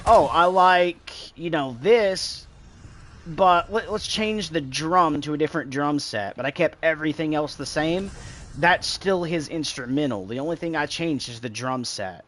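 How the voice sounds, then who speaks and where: A man's voice: fairly high pitch, fairly bright tone, slight background noise. A man streaming a shooter game, chatting casually to his viewers and imitating game sounds as he explains. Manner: rambling, talks to chat, imitates sounds. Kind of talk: casual gameplay commentary.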